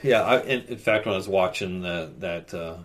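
A man's voice: sits low, normal speed. A man co-hosting a casual talk show, enthusiastic, laughing often and trailing off into fillers. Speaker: podcast co-host. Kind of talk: casual chat about wrestling.

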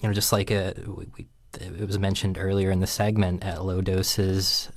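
A man speaking as a health reporter on a news panel, measured and hedging with fillers. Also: low-pitched, little pitch movement, no room sound.

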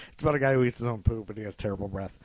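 A man's voice: lowish voice, racing, darkish tone. A man co-hosting a casual podcast, joking and irreverent and happy to mock himself. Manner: joking, irreverent, self-mocking. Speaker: podcast co-host. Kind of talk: casual chat.

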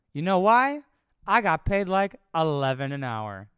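A man's voice: fairly high pitch, a little slow, clean tone, no echo. Young guy ranting and telling stories, swears a lot, voice bounces all over, clean dry sound. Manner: animated, crude, swears freely. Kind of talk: casual profane storytelling.

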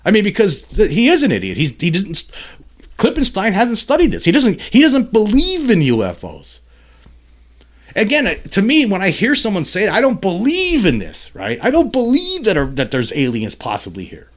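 A man's voice: sits high, huge pitch swings, moderate pace. A man hosting a solo commentary podcast, talking in a rambling, heated way, full of restarts and fillers. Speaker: podcast host.

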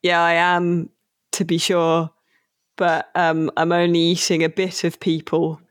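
A podcast speaker putting on a deliberately terrible Irish accent as a male priest who is secretly a ghoul. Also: mid-range voice, completely flat delivery, dry recording, studio quality, close to an everyday voice. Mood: wheedling. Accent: put-on stage Irish. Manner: jokey, deliberately bad accent.

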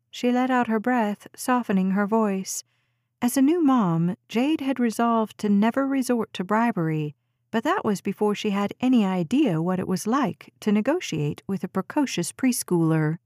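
A woman reading a novel aloud in steady, scripted audiobook narration. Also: mid-range voice, normal speed, dry recording, studio quality.

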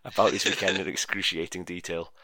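A man's voice: sits low, flat delivery, fairly quick, bright, forceful tone, no room sound. A man hosting a podcast, teasing his co-hosts in casual, rambling chat. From Scotland. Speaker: podcast host.

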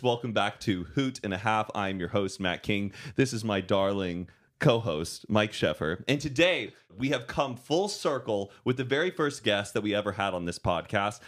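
Animated, lively male podcast host. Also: fairly low pitch. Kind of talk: casual podcast chat.

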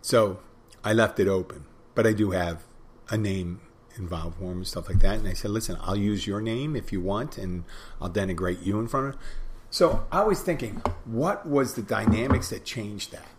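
This bar story comes from a podcast host and bartender speaking at normal speed in a lowish voice, with slight background noise. His telling is casual and meandering, full of repeated phrases and both sides of the conversation acted out.

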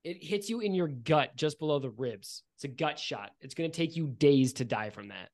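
A man's voice: on the high side, animated, moderate pace, darkish tone, no echo, studio quality. Man, game master, tabletop narration, crude jokes, swearing. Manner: crude, joking and profane.

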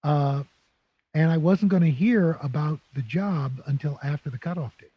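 An older man from New City, a guest telling lively anecdotes in an interview. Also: fairly high pitch, moderate pace, breathy edge, no room sound, muffled recording. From New York City. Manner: animated anecdotes with playful character voices. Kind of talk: storytelling interview.

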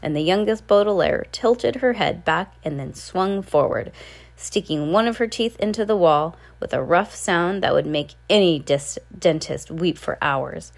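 A woman reads a novel aloud in an unpolished, casual way. Her voice sits fairly low, and she stumbles and restarts now and then. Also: lively intonation, measured pace, gravelly. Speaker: reader.

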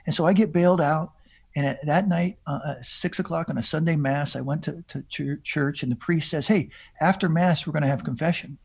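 A man's voice: fairly high pitch, steady tone, brisk, vocal fry, darkish tone, breathy edge. A man telling a long personal story in a casual podcast chat, rambling with many restarts and repeated words. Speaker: podcast guest.

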